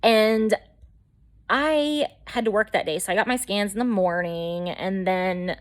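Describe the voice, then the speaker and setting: A woman's voice: mid-range voice, unhurried. A woman vlogger telling her own story in a chatty, rambling way with lots of fillers. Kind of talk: casual storytelling to camera.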